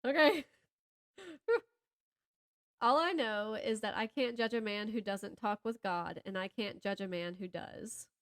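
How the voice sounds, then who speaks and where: A woman with a Southern American accent speaks slowly in a mid-range voice while co-hosting a casual book podcast. She rambles, stops herself mid-thought, and laughs often as she chats about books.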